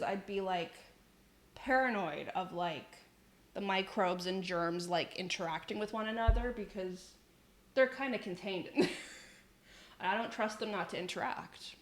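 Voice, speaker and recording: A woman's voice: medium pitch, echoey room. A young woman, chatting casually and giggling as she hosts a cooking livestream from her home kitchen. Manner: chatty and giggly, says "like" a lot. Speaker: livestream host. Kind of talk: casual chat while cooking, reading chat aloud.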